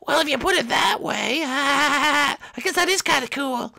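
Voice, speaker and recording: A woman's voice: high-pitched, unhurried, gravelly, sharp tone, no room sound, studio quality, heavily acted. A woman voicing a shy, nervous young mushroom girl in a Minecraft role-play. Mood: timid. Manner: timid, nervous.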